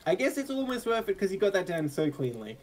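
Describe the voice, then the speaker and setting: A man with an Australian accent casually commentating an esports match, joking and quick to react. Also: high voice, sing-song, a little mellow, low-quality recording. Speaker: esports caster.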